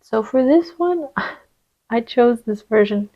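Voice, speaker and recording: A woman giving a channeled card reading, gentle and reassuring, sometimes dropping to a soft whisper as she places cards. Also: a little high, lively intonation, slow, muffled recording. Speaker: tarot reader.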